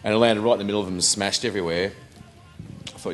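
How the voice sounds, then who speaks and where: A man's voice: fairly low pitch, fast, a bit bright. A man in his thirties with an Australian accent, a band member rambling through anecdotes in casual chat and swearing freely. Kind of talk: casual storytelling.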